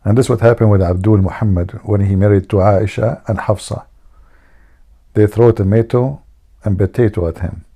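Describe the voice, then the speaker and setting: A man's voice: fairly low pitch, steady tone, moderate pace, mellow. A man from the Middle East, a native Arabic speaker, hosting a casual livestream in a joking, mocking storytelling manner. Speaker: livestream host.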